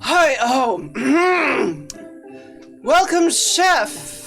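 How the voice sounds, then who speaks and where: A woman voicing an eager, oiled and coiffed male centaur who welcomes the chefs with loud exclamations. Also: high-pitched, very animated, drawn-out words, faint music behind, voice pushed up, full character voice. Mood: welcoming.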